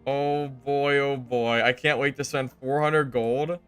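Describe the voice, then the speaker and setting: Young man streaming, smooth and exasperated. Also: fairly even intonation, slow, faint music behind. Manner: exasperated, joking, jumps to loud high outbursts. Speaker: game streamer. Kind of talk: casual gameplay commentary.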